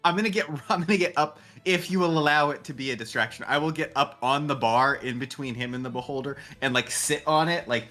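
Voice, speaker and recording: A man's voice: medium pitch, fairly quick, few pauses, sharp tone. A man with a mid-range voice chatting as a tabletop game player. He rambles and restarts, breaking into laughs between phrases, over faint background music. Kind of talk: casual tabletop game chat.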